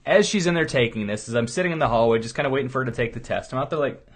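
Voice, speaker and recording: Speaking very fast and expressively in a mid-range voice, this middle-aged man is a chiropractor delivering a motivational monologue. He rambles earnestly, telling stories in a casual way.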